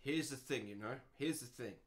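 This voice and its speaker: A man with an Australian accent voicing a smug, condescending male government planner who speaks slowly and patronizingly. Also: medium pitch, pitched below the performer's own voice, close to an everyday voice. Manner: slow, patronizing, self-satisfied.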